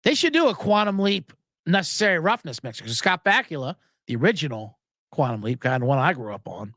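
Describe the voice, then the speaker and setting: A man's voice: fairly high pitch, brisk, no room sound, studio quality. A man hosting a sports show in casual, joking, rambling talk. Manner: animated, jokey, rambling.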